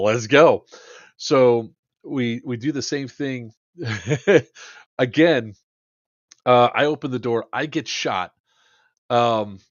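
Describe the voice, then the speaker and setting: A man's voice: medium pitch, dry recording, muffled recording. A man hosting a podcast, casually and animatedly recounting an airsoft game, swearing and acting out the quotes with plenty of fillers. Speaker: podcast host.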